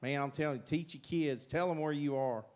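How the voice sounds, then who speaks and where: A man preaching a communion sermon in a church. His voice sits a little high for a man, and his delivery is folksy and emphatic, full of repeated urgings to listen. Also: a little fast, darkish tone. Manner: folksy, emphatic, repeats "I'm telling you". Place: church sanctuary.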